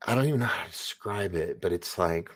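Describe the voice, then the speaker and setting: A fast-talking man with a low, expressive voice hosts a casual live-stream, reading viewer comments aloud. He rambles, cuts himself off, restarts and laughs often.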